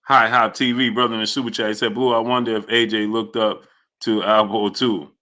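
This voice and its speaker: Reading super chats on his live sports stream, a host sounds incredulous and animated, repeating phrases as he reacts. He speaks a little fast in a fairly low voice.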